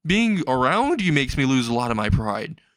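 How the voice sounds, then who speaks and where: A man voicing a big, worn-out male hero mentor who gives flat, exasperated orders. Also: medium pitch, moderate pace, no echo, clean studio sound.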